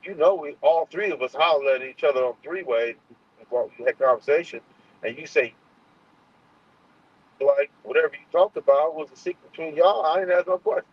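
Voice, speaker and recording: A channel host with a husky voice on the high side speaks briskly during a casual livestream, getting heated and profane and often restarting sentences. The audio is muffled and lo-fi.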